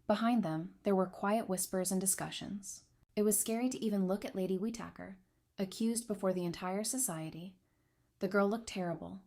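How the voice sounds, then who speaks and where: A woman giving scripted narration of a romance comic recap in an even, steady storytelling manner. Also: mid-range voice, normal speed.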